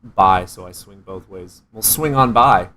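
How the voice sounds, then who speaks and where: A man hosting a casual livestream, reading chat aloud, excitable and quick to swear with loud outbursts. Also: low-pitched, crowd noise.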